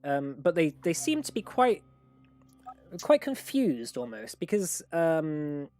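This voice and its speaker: A man narrating a tabletop game as game master, relaxed and rambling, with many fillers. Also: fairly high pitch, slow, no echo.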